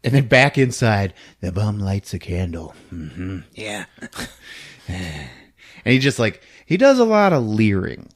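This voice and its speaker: A man's voice: fairly low pitch, sing-song, a little slow. A man hosting a podcast, recapping a film in casual, giggly storytelling. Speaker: podcast host.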